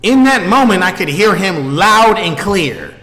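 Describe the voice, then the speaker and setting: This streamer host has a high, bright, forceful voice that's very animated yet unhurried. He swears freely while telling a casual story, frequently making sure the listener is keeping up, and the echoey room adds a long reverb.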